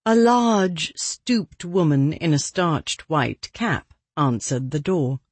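Slow husky audiobook narrator, dry close sound, measured. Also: medium pitch, lively intonation, dry recording. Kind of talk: scripted narration.

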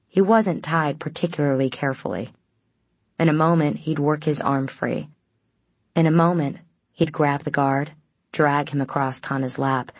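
A woman with a low, husky voice reads a novel aloud in steady scripted narration. The recording is dry and close, with no room sound. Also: no echo. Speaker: audiobook narrator.

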